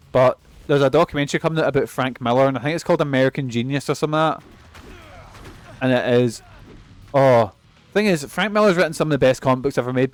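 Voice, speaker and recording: A man's voice: medium pitch, no echo. A young man giving rambling, sweary commentary while he plays a game. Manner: rambling and sweary, laughs often. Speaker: streamer. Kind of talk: casual gameplay commentary.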